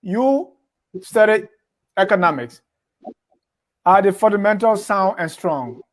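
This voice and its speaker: A man hosting an interview, reading a quote and asking probing questions in a measured way. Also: high-pitched, animated. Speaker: interview host.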